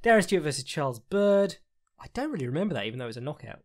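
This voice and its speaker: A man's voice: on the high side, big pitch swings, racing, a little mellow. A man hosting a podcast, recapping fights in a rambling, frank way with lots of fillers, the odd swear and laughs. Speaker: podcast host, fight analyst. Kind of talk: casual solo commentary recap.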